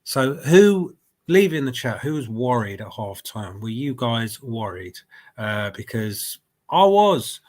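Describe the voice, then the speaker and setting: A man's voice: medium pitch, very animated, slow, a little mellow. A man with a cold chats casually into a desk mic at home, hosting a live football reaction stream. He rambles and restarts his sentences often, filling the gaps with ums and uhs. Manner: rambling, chatty, with many fillers and restarts. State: has a cold. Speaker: football fan channel host. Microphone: desk mic at a laptop.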